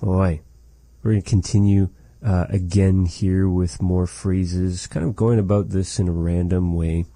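A man teaching a language lesson, slowly and patiently repeating words for a learner. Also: deep voice, fairly even intonation, dark tone, no room sound, poor audio.

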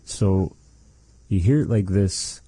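Slow, deep-voiced man teaching patiently. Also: mellow, slightly rough, no echo. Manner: slow, patient, repeats phrases for practice. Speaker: language teacher. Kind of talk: language lesson conversation.

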